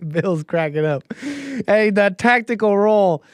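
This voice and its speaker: A man hosts a loose commentary livestream, riffing sarcastically and breaking into laughter. His voice sits a little on the high side. The recording is close and dry with no room sound. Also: takes it slowly, dry recording. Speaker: livestream host. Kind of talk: casual commentary stream.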